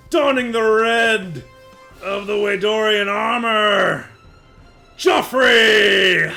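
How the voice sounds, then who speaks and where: A man voicing a booming male arena announcer with grand, drawn-out showman calls. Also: vocal fry, pushed and bright, full character voice. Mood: hyping.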